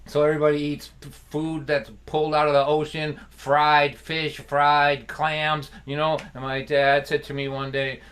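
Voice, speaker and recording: A man's voice: a little high, completely flat delivery, unhurried, hardly any pauses, a bit bright, slight background noise. A middle-aged man from the Boston area telling a chatty story between folk songs on a live stream, laughing often. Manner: chatty, laughs often, does voices for family.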